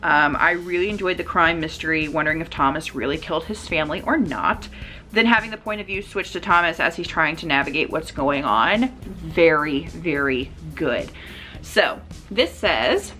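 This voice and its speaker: A woman's voice: low-pitched, animated, normal speed, sharp tone, faint music behind. A woman chatting casually as she reviews books to her camera, rambling with lots of "like" and "um". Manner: chatty, rambling, many "like" and "um" fillers. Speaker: book reviewer. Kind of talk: casual book review chat. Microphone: camera mic.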